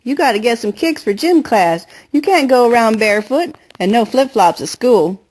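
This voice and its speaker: A woman's voice: fairly high pitch, animated, darkish tone, voice pushed up. A woman reading an audiobook, voicing a playful, confident girl who chatters and teases. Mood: chatty. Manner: fast bubbly chatter, teasing. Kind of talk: audiobook character voice.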